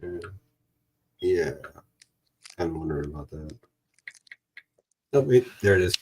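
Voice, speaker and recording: A lower-voiced man chats in an easygoing, joking way on a late-night stream. Light background noise and faint clicks sit behind his voice. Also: expressive, slow, pauses often, a little mellow. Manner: laid-back, joking, chats to viewers.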